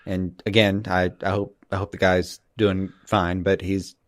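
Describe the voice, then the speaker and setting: A man's voice: sits low, flat delivery, a little slow, no room sound, clean studio sound. A man co-hosting a podcast in casual chat, wry and joking. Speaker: podcast co-host.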